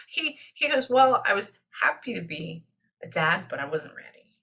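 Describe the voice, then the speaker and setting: A Texan woman giving a medium's reading in an animated, chatty way, often pausing to listen. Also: mid-range voice. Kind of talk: casual spoken reading session.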